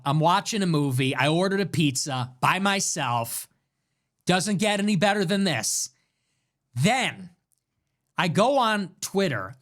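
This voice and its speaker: A male online commentator rants in a casual monologue, his pitch leaping around with lively swings. He goes flat and deadpan one moment and mockingly loud the next, always riffing. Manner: animated, mocking, ranting, swings from deadpan to yelling.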